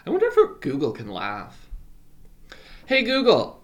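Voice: medium pitch, huge pitch swings, unhurried. A co-host chatting casually and playfully at home, joking and teasing. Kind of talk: casual chat. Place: home room. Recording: home recording with clear background noise.

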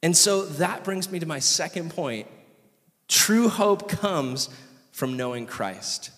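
A man's voice: fairly high pitch, animated, slow pace, a bit bright. A man from California, a pastor giving a passionate, conversational sermon and asking the audience questions. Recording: long reverb of a hall.

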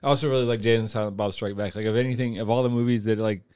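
A man's voice: lowish voice, steady tone, rapid-fire, a little mellow, clear, resonant tone, no echo. Rambling casual man, dry close sound. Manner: rambling, filler-heavy, often acts out imagined dialogue. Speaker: podcast co-host. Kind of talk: casual chat.

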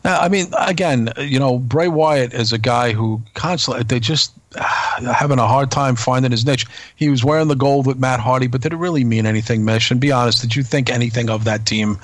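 A man's voice: medium pitch, a little fast, no echo. Rambling male podcast co-host, dry sound. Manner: rambling, asks many questions. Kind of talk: casual podcast chat.

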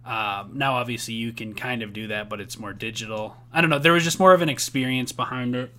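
A young man co-hosting a podcast in casual chat, joking and laughing often with quick bursts of enthusiasm. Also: mid-range voice, sharp tone. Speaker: podcast co-host.

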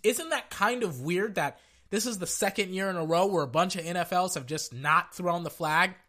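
A man's voice: high-pitched, normal speed, sharp tone. A man giving a profane, exasperated rant about football refereeing, reading out quotes and then venting. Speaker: sports commentator. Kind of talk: angry sports rant.

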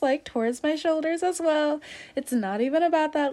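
A woman's voice: high-pitched, normal speed, warm tone. Chatty woman giving a tarot reading. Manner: chatty, laughs often, calls the listener fam and homie. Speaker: tarot reader. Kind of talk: casual tarot reading to camera.

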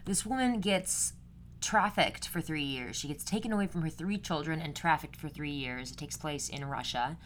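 A young woman in her twenties hosts her podcast solo. Her voice sits low for a woman, and she chats loosely, rambling through her asides with plenty of ums. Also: moderate pace, a little hiss or hum. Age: 20s. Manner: chatty and rambling, many fillers. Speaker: podcast host. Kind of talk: casual solo podcast chat.

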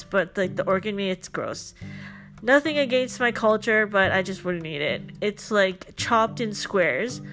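A woman's voice: mid-range voice, a bit bright. A young woman of Filipino background hosting a podcast, telling a story in a chatty, casual way with lots of fillers and joking asides. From Filipino family, lives in Canada. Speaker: podcast host.

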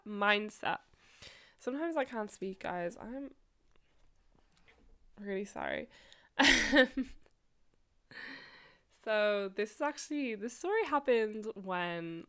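A woman's voice: mid-range voice, fairly bright tone, smooth. Young woman, podcast host, casual storytelling, swears and laughs a lot. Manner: chatty, swearing, laughs often, many likes and asides.

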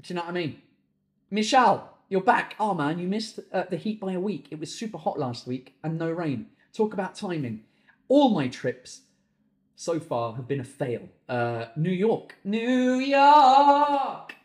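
A man's voice: fairly high pitch, animated, echoey room. A comedian hosting a solo podcast, ranting and swearing as he answers listener questions, hot and sweaty in a small room. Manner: ranting, sweary, quick swings into shouting. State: overheated and sweating.

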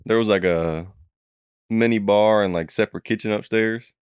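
A man's voice: lowish voice, normal speed, clear, resonant tone, no echo, clean studio sound. A young man telling a long story in casual chat, swearing freely and acting out what people said. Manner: profane, animated storytelling with acted quotes. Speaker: storyteller recounting a dream.

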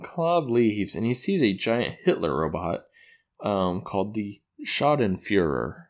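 Lower-voiced man casually recapping a plot. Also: big pitch swings, a little slow. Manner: rambling, self-correcting, chuckles at own retelling. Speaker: episode recapper.

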